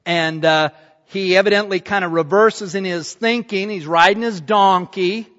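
A pastor with a high voice for a man tells a scripture story in a loose, chatty way, dropping in asides and checking that the people are following. The recording sounds dull and muffled. It has the long reverb of a church hall. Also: moderate pace, a bit bright. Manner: conversational storytelling with fillers like "you know" and "okay?". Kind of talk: sermon.

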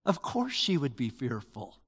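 Animated older man preaching in a hall. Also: medium pitch, normal speed, breathy edge. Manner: animated, conversational preaching with rising emphasis. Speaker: pastor. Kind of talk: sermon.

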